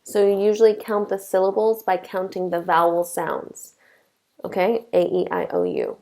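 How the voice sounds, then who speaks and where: A woman's voice: on the low side, expressive, warm tone. A young woman teaching a lesson, explaining step by step and checking in with "okay?" often. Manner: slow, deliberate explaining with frequent "okay?" checks. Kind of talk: classroom lesson.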